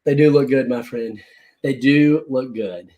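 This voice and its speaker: A man chatting as a guest, telling a story in an animated, excitable way. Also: mid-range voice, measured pace, muffled recording. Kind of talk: casual chat.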